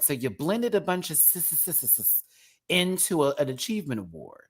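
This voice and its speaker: A man's voice: a little high, sing-song, normal speed, slightly rough. A man from Texas giving a sassy, casual commentary on a drag competition, full of drag slang. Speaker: drag show reviewer.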